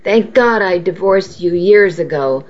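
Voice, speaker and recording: A woman doing a shrill, vain mother. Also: expressive, measured pace, darkish tone, muffled recording. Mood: indignant. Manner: shrill, self-pitying. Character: vain, dramatic middle-aged mother, shrill.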